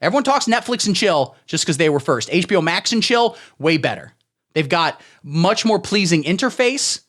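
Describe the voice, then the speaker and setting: A young man riffs crudely through solo satirical commentary, his tone sarcastic and deadpan. His voice sits a little high for a man. It rises and falls a lot as he talks. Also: normal speed. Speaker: podcast host.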